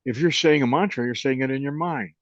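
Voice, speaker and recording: A man in his eighties, co-hosting a reflective chat on consciousness and guiding a meditation, unhurried and gentle, often trailing off softly. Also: medium pitch, dry recording. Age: 80s. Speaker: co-host, meditation and consciousness teacher. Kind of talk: reflective conversation and guided meditation. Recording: dull lo-fi sound.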